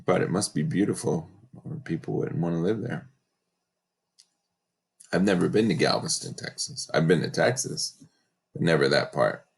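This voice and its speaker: A man's voice: low voice, moderate pace, gravelly, pauses often, breathy edge. A man teaching a third grade class in a recorded lesson, giving patient step-by-step instructions and reading from a textbook.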